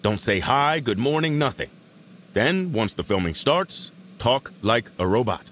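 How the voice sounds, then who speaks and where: A man playing a lively, coaxing male coach. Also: medium pitch, measured pace, slight background noise. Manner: coaxing, patient, instructive. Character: man coaching a robot actor before a shoot.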